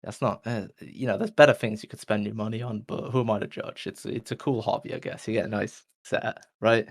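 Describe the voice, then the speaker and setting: A man's voice: fairly low pitch, fairly even intonation, fairly quick, gravelly. A man quoting a grumbling young shop worker.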